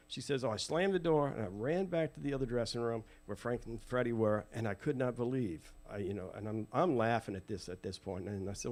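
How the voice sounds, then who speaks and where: A man, a guest telling family stories to a live audience in an animated way, acting out quoted voices. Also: mid-range voice, fast talker, few pauses. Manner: lively, acts out quoted voices, laughs often.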